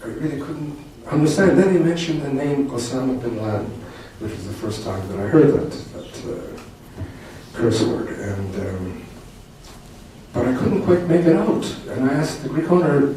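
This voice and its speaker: A man's voice: medium pitch, lively intonation, moderate pace, dark tone. An older man, a poet and commentator, telling a personal story to an audience in a reflective, wry way with frequent restarts. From Canada. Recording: distant mic in a very echoey hall with noise.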